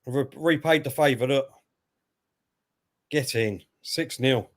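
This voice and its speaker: A man's voice: mid-range voice, slow. A man co-hosting a live football watchalong, reacting to the match and reading out viewers' messages. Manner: excitable over goals, reads viewers' messages. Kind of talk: casual live commentary and chat.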